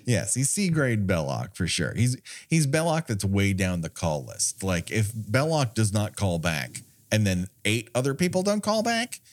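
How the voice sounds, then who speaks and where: A man's voice: fairly low pitch, very animated, a little slow, hardly any pauses. A man co-hosting a podcast, riffing on a movie in a wry, sarcastic way and laughing often. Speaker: podcast co-host. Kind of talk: casual movie riffing chat.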